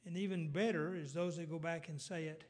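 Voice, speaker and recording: A middle-aged man, preaching a folksy sermon with halting restarts. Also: on the high side, steady tone.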